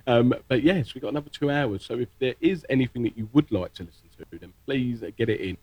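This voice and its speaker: Husky, chuckling radio host. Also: male voice, medium pitch, fast, darkish tone, no room sound. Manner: chuckling, easygoing. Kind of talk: casual radio chat. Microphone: studio mic.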